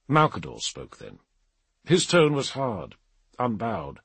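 Husky, expressive male audiobook narrator. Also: medium pitch, slow pace, dry recording. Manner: dramatic, expressive reading. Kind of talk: scripted narration.

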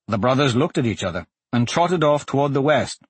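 Husky guy reading a fantasy story, lively delivery, dry close sound. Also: medium pitch, a little fast, dry recording. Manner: expressive storytelling, voicing each character. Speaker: audiobook narrator. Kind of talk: scripted narration.

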